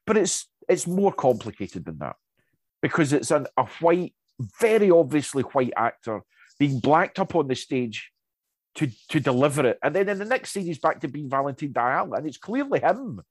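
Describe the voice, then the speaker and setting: A man chatting casually and telling anecdotes, lively, with many restarts and asides. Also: a little high, normal speed, husky, no echo. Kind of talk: casual chat.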